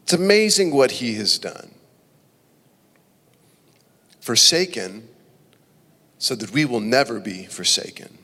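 A man's voice: mid-range voice, sing-song, slow, pauses often. Impassioned male pastor in a reverberant hall. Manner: impassioned, shifting between loud emphasis and hushed tones. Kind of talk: sermon. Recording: long reverb of a large hall.

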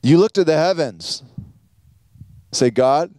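A man preaching a sermon as pastor, teaching earnestly with quoted prayers and pauses. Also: high voice, darkish tone, dry recording.

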